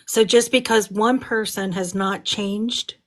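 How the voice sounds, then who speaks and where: A woman's voice: medium pitch, steady tone, takes it slowly. A woman on a live stream, speaking firmly and admonishingly. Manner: firm, admonishing. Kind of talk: impassioned casual speech.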